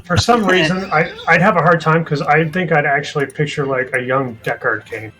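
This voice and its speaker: Man, co-host, casual group chat, teasing, upbeat, high voice. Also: moderate pace, music in the background. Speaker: co-host counting votes.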